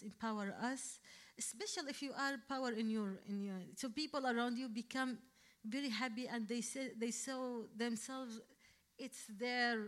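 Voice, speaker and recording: A woman from Yemen, a native Arabic speaker with a Yemeni accent, answers questions as a guest speaker at a public talk. Her English is halting and full of restarts, building up to firm emphasis, and her voice is a little high and a bit bright.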